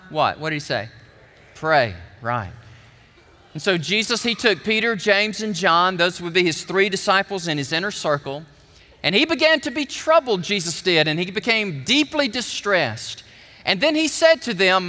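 Bright-voiced man preaching in a hall. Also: high-pitched, moderate pace. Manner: animated, emphatic storytelling. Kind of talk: sermon with object lesson.

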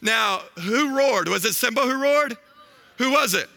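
A man in his thirties preaching a sermon, telling a story with animated energy and asking the crowd questions. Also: very high voice, a little slow, gravelly, big-room sound.

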